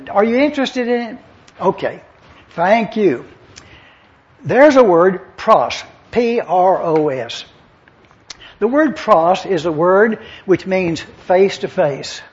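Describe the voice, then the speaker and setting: A high-pitched man preaches to his congregation, breaking down Greek words with animated, teacherly emphasis. The recording is dull and lo-fi, as if taped in a church. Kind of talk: expository sermon.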